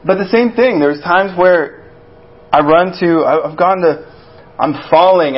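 Male preacher, slightly high voice, loose storytelling delivery, dull recording. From Texas. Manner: conversational and storytelling, with many restarts and acted-out quotes. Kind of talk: sermon.

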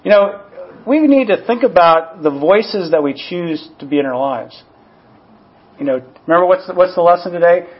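Man, pastor, fairly high husky voice, casual sermon, dull lo-fi recording. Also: animated, moderate pace. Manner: casual, personal, many "you know" asides. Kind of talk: conversational sermon.

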